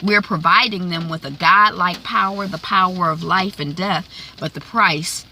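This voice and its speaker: A woman voicing a scheming, cold-blooded brothel madam, speaking slow and ominous. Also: fairly low pitch, bright, forceful tone, slight background noise.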